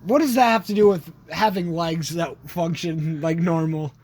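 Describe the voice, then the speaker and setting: A young man chats on a podcast with a fairly high voice. He tells crude, rambling stories and laughs often. His talk is loose and casual. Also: normal speed, a little mellow. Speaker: podcast co-host. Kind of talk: casual chat.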